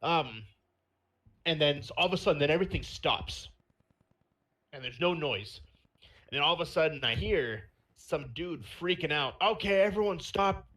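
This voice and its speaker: Bright-voiced young man telling a rambling story. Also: fairly high pitch, normal speed. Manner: rambling storytelling with fillers and laughs. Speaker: podcast host. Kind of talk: casual chat.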